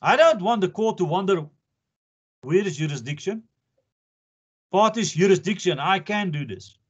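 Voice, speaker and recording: A man's voice: high voice, animated, normal speed, husky, highs cut off. A man giving a recorded law lecture, talking in a conversational way and repeating his points for emphasis. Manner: repetitive, emphatic, conversational teaching.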